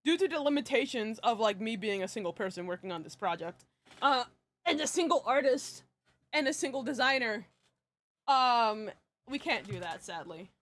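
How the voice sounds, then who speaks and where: A woman's voice: a little high, lively intonation, normal speed, a bit bright. A young woman answering questions on a casual live stream, rambling and giggly with many fillers and restarts. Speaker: streamer and project creator.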